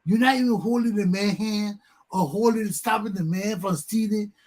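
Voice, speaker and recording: A man with a Liberian English accent hosting a talk show, ranting heatedly and mimicking people's repeated yelling. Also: high voice, moderate pace.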